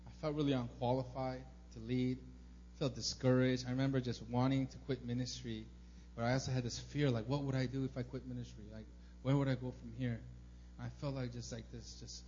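A young man preaching a casual sermon as a pastor, informal and earnest, full of fillers, sometimes acting out prayers loudly. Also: medium pitch. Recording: dull lo-fi recording with faint hum.

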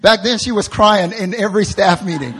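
A man preaching a sermon, moving between quiet, joking storytelling and loud, fervent shouting, acting out quoted people with humor. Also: high voice, a little fast, slight background noise. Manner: acts out quoted voices with humor. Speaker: pastor.

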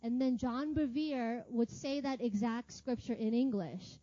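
A woman with a high, warm and mellow voice gives a chatty, laugh-filled sermon, telling stories in a relaxed way. Her voice sounds dry and close, with slightly dull, muffled audio. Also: unhurried, no room sound. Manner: chatty, laughs often, lots of filler words and tag questions. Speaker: ministry teacher. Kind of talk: casual sermon storytelling.

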